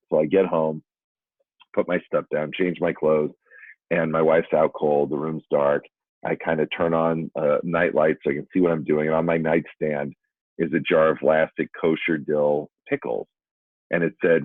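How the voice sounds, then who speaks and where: A former school principal telling a candid, self-deprecating story to educators. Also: male voice, extremely low pitch, little pitch movement, moderate pace, dry recording. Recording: dry, phone-like narrow sound.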